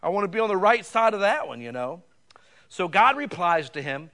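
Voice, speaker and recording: A man's voice: sits high, sing-song, brisk, sharp tone. A middle-aged man preaching a sermon, conversational and rising at times to fervent, raised passages. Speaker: pastor.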